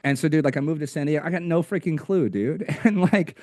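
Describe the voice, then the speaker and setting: A young American man, a podcast guest, telling stories in a slangy, energetic, casual way. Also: a little high, quick pace, dry recording, studio quality. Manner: energetic, slangy storyteller, says "dude" a lot. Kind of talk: casual interview chat.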